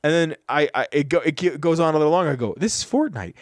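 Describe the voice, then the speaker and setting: A man co-hosting a podcast, telling stories in a casual, animated and profane way. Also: fairly high pitch, very fast, no echo. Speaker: podcast co-host. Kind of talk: casual chat.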